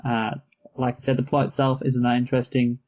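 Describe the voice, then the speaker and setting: A young man with a relaxed, dry manner, steering a casual movie review chat. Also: medium pitch, fairly quick, low-quality recording. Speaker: co-host of a movie review show.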